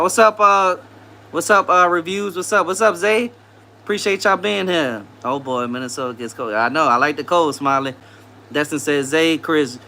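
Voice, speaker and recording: Slight background noise accompanies this livestream host's mid-range voice, which sounds pushed and bright. He's a man from Louisiana with a Southern accent who reads out viewers' comments and welcomes them in an easygoing, cheerful style.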